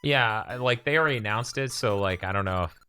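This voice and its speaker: A man's voice: on the low side, fast, pushed and bright, smooth. A man co-hosting a casual gaming stream, joking around, laughing often and reading chat messages aloud while he plays. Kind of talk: casual chat over gameplay. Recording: game music underneath.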